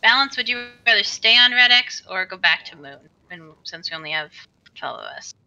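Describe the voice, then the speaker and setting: A woman leading a game raid over voice chat, calmly walking her group through tactics step by step. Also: fairly high pitch, dry recording, dull audio. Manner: brisk, explains tactics step by step. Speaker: raid leader. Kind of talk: casual voice chat while gaming.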